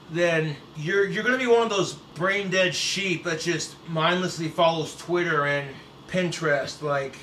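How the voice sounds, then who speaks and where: A man vents in blunt, profane reaction commentary, sarcastic and fired up. His voice is bright and pushed, sitting slightly high for a man. The sound bounces around a roomy space with a faint hiss underneath. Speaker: YouTube commentator. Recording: roomy echo, set back from the mic, faint hiss.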